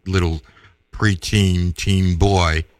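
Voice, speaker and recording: Low-voiced man telling a story. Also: takes it slowly, no echo. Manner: animated, acts out quoted voices. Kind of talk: casual personal storytelling.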